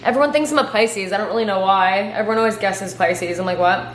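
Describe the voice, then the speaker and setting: A young woman in her twenties chats through a question-and-answer vlog, swearing freely and packing every sentence with fillers. Her voice sits at an ordinary middle pitch and carries a roomy echo. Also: fast talker, a little hiss or hum. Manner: chatty, filler-heavy, profane. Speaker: vlogger. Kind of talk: casual Q&A storytelling. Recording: echoey room.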